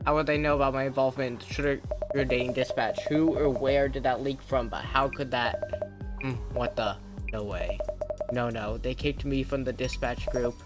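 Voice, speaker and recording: A streamer voicing an arrogant, scheming man who sneers and throws insults at everyone. His contempt runs through each line of the game dialogue. Game music plays clearly underneath. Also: mid-range voice, steady tone, moderate pace, close to an everyday voice. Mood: furious. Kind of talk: reading game dialogue aloud.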